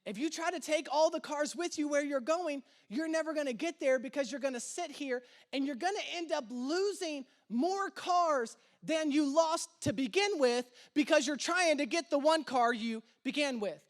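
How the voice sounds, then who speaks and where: A pastor preaching a sermon in a casual storytelling way, with animated emphasis. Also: male voice, extremely high pitch, normal speed, few pauses.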